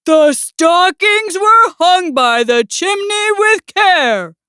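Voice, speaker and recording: A woman voicing a stern, pompous male bear in a read-aloud storybook, speaking slowly and grandly. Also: high voice, very animated, fairly bright tone, no echo, clean studio sound, exaggerated voice. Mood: declaiming. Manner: slow, grand, declaiming.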